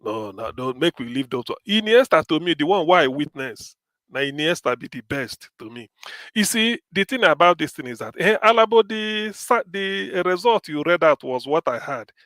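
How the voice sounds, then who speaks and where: High-voiced Nigerian man, animated commentary. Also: moderate pace, dry recording. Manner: animated, switches between English and Pidgin. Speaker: political commentator. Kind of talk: live-stream political commentary.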